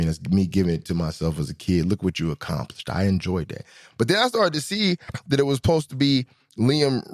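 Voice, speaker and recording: A man hosting a podcast in a comedic monologue, talking animatedly, swinging between high and low pitch and laughing often. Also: a little mellow. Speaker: podcast host.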